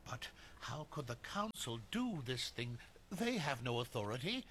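A man's voice: medium pitch, big pitch swings, measured pace, background noise. An actor playing an earnest male believer in a radio drama, protesting injustice.

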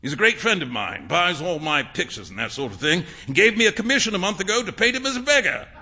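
A man's voice: sits high, fast, breathy edge, exaggerated voice. A man doing a breezy, amused painter. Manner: breezy, lively, laughing. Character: amused, worldly young male painter.

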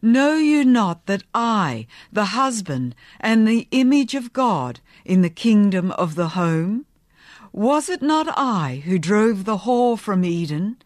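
A woman's voice: medium pitch, big pitch swings, slow pace, darkish tone, no echo, studio quality. A woman voicing a stern, zealous middle-aged male preacher who speaks in a fervent, sermonizing way. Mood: preaching.

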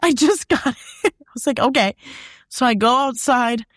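A young woman telling a story in casual chat, animated and laughing, jumping high when she acts out her own past lines. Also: normal speed, no echo, clean studio sound. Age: young adult.

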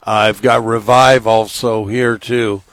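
Slow-talking garden show host, dry studio sound. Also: male voice, fairly low pitch, flat delivery, a bit bright, no room sound. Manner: slow, instructive, folksy. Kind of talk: radio gardening advice chat.

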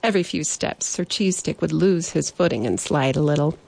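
A woman narrating a children's bedtime story in a gentle storytelling manner. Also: low-pitched, moderate pace, vocal fry, no echo.

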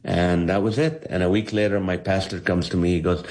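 Man, middle-aged, from the Middle East, comedian guest, lowish pitch, animated storytelling, acts out quotes. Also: fairly quick. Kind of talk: storytelling interview.

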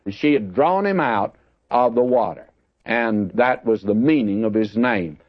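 A man's voice: fairly low pitch, lively intonation, measured pace, no echo. A man giving a folksy, conversational Bible teaching, often addressing listeners as friends. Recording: dull lo-fi dry recording.

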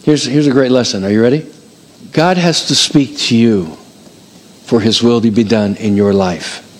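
A male pastor preaching a sermon in church. He is animated and emphatic, slows down to stress key points, and calls out numbers like an auctioneer. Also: mid-range voice. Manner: animated, counts up the years like an auctioneer.

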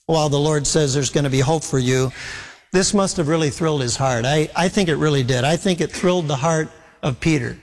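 A man's voice: fairly high pitch, moderate pace. Earnest male preacher in a reverberant hall. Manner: earnest preaching, voicing Jesus in paraphrase. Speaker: pastor. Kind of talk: sermon. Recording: long reverb of a large hall.

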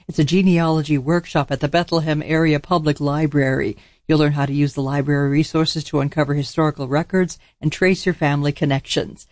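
Guy reading a radio event announcement, slightly high voice, dry mic. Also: darkish tone, no room sound. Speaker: station announcer. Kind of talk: community announcement.

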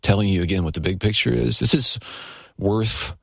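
A man speaking as a guest author on a radio talk show, earnest and animated, speeding up when he stresses a point. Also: lowish voice, normal speed, creaky, husky, no room sound, studio quality. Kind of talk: casual studio conversation. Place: radio studio.

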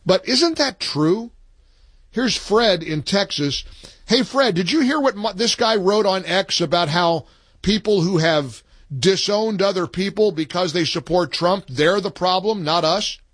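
A male talk radio host speaking into a studio mic, his voice a little higher than most men's. The sound is close and dry, with no room around it. He talks in an emphatic, opinionated way. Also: lively intonation, a little slow, a bit bright, dry recording. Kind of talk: talk radio, reading a post and taking calls. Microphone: studio microphone.

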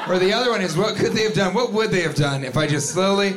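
A man doing a stand-up comedy set on a club stage, telling stories with sudden shouted voices. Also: high-pitched, lively intonation, fast talker, hardly any pauses. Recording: live club recording with crowd noise. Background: audience laughter.

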